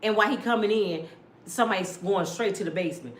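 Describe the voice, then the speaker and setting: A middle-aged woman giving loud, sassy celebrity gossip commentary, ranting and acting out quotes. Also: mid-range voice, fast talker, a little hiss or hum. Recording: echoey room.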